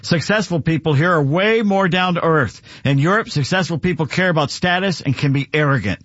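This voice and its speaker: A male radio co-host with a slightly high voice, chatting and reading listener material aloud. The studio audio is dry and somewhat dull. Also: a little fast, fairly bright tone, dry recording. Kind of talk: casual talk radio banter, reading posts aloud.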